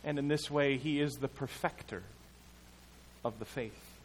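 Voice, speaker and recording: Slow, measured male preacher. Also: mid-range voice, a little hiss or hum. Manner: measured, emphatic preaching with dramatic pauses. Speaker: pastor. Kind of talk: sermon.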